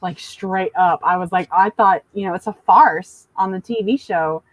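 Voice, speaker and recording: A woman's voice: medium pitch, normal speed, no echo. A woman raised in the American South, chatting casually and animatedly on a group video call. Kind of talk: casual group chat on a livestream.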